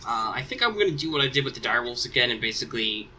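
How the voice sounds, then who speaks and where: Man with a very bright voice running a tabletop game. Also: mid-range voice, sing-song, rapid-fire, slight background noise, rough recording. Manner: thinks aloud, casual and rambling. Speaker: game master.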